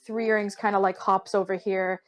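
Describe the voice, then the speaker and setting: A woman's voice: mid-range voice, a little fast, poor audio. Woman game master narrating a tabletop game. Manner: lively, laughing storyteller.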